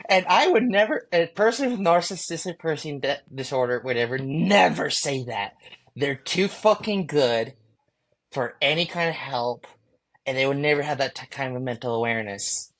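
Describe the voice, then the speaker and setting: A man, a guest on an interview show, telling his story candidly and profanely, acting out his own thoughts in lively bursts. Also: on the high side, normal speed.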